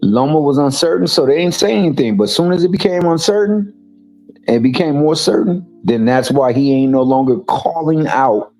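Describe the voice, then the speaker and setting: A man's voice: fairly high pitch, moderate pace, a little mellow, faint music behind, rough recording. A man co-hosting a casual boxing talk show, making his points emphatically and often repeating words. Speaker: co-host.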